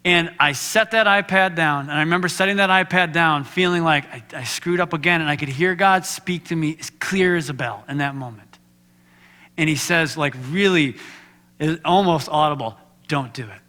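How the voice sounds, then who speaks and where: A man gives a candid, conversational sermon, often stopping to ask the congregation questions. His voice is bright and fairly high for a man. It rings out with the long reverb of a church hall. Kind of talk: sermon with personal testimony. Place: church sanctuary.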